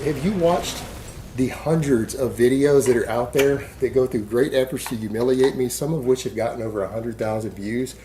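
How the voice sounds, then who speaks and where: A Texan man rambling bluntly and defiantly in a casual vlog monologue while he works at a hobby. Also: mid-range voice. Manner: blunt, defiant, talks while hand-loading ammo. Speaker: vlogger. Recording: steady background noise.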